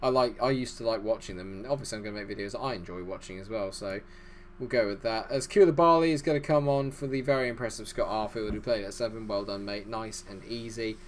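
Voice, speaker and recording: A man giving fast, excitable live commentary over a football management game, chatty and self-deprecating. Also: on the low side, slight background noise. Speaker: gaming YouTuber.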